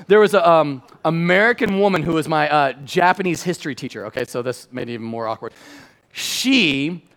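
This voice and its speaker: Middle-aged male pastor, slightly high voice, energetic conversational preacher who swings from loud to hushed. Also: creaky. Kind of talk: sermon.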